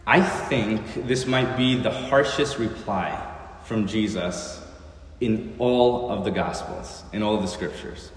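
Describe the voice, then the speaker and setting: A man's voice: lowish voice, slow. A male pastor delivers an earnest sermon and leans on rhetorical questions. His voice rings through a roomy church with a long reverb tail, and a faint hum of ambience sits underneath.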